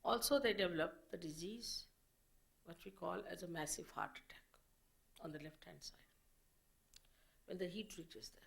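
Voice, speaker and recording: A woman giving a public spiritual lecture as a teacher, explaining slowly and in measured phrases with pauses. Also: fairly low pitch, gravelly.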